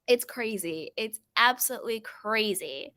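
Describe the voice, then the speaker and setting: A woman talks straight to her viewers about reality TV drama in a chatty, emphatic way. She often repeats a phrase to hammer a point home. Her voice is bright and forward. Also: a little high, lively intonation, a little slow. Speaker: host of a pop culture channel. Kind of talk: reality TV gossip commentary.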